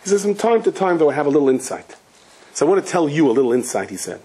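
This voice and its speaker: A husky-voiced rabbi, telling stories in a Torah class. His pitch sits fairly high for a man, and he jumps even higher when he acts out the people in his tales. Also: quick pace. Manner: storytelling, acting out voices with swings of pitch.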